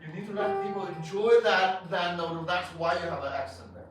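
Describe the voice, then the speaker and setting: A man teaching a piano masterclass, coaching a student with emphatic, halting phrases and frequent restarts. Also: high-pitched. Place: piano studio room. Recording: roomy echo from far off. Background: piano playing.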